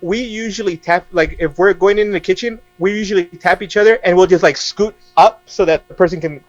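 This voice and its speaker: A young man telling a story casually as a podcast guest, animated and laughing often as he acts out quoted dialogue. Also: sits high, a little fast, no room sound, dull audio.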